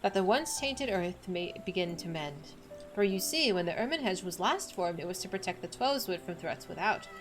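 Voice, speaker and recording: A woman reading a solemn woman elder's quest dialogue aloud in a measured, formal way. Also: lowish voice, expressive, over music, close to an everyday voice.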